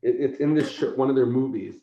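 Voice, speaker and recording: A man, a convention organizer appearing as a podcast guest, telling an animated story, laughing often and acting out quotes. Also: medium pitch, quick pace. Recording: roomy echo, dull lo-fi sound.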